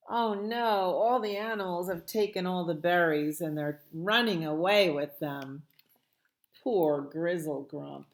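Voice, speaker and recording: A woman librarian reading a picture book aloud at a children's storytime, playful and expressive with sound words. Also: on the low side, slow.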